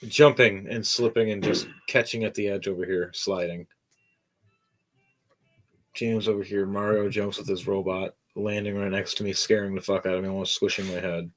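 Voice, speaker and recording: Rambling low-voiced game master. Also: male voice, normal speed, rough recording. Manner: rambling, excitable, profane storytelling. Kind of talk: narrating a tabletop game.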